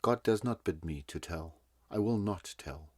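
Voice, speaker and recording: A man's voice: low-pitched, unhurried, darkish tone, no echo, studio quality. A man reading a story, voicing a weary, resigned old male prisoner.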